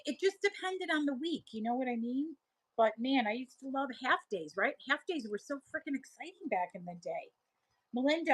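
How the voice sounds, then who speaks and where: A woman's voice: fairly high pitch, a bit bright, rough recording. A woman in her thirties hosting a live selling stream, chatting casually and laughing as she answers viewers' comments.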